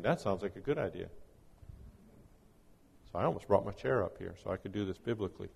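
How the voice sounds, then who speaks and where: A man's voice: medium pitch, creaky, darkish tone, big-room sound. A man delivering a conversational, folksy sermon as a guest preacher, mixing scripture readings with casual teaching. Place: church.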